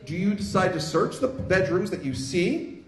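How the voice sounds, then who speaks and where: Lively high-voiced male game master. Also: moderate pace. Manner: animated, laughing, playful. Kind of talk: live tabletop game narration. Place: convention panel room. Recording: echoey room, background noise.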